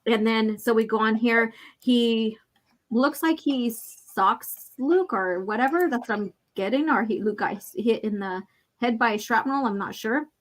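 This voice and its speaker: A woman hosting a casual chat, reading comic book panels aloud and commenting with lots of fillers. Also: a little high. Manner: chatty, many fillers, reads dialogue slowly with emphasis.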